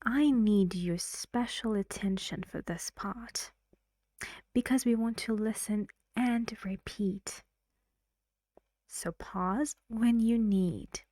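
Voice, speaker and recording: A woman teaching English pronunciation, taking her time over every word. Her tone is soft and mellow, and she explains patiently while quizzing her students. The recording is dry and close. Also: medium pitch, takes it slowly, dry recording. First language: Persian. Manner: patient, explains step by step and asks learners questions. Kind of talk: online pronunciation lesson.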